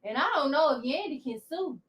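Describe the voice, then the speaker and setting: Woman hosting a live reaction stream from home, high bright voice, keeps cracking up and talking to chat. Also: brisk, slight background noise. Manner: loud laughing, animated, talks to viewers. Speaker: commentary host.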